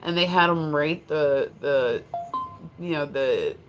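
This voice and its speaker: A woman's voice: sits low, takes it slowly, music in the background, low-quality recording. An American woman hosting a livestream, chatting casually and rambling with many restarts and fillers. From United States. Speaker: livestream host. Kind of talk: casual chat.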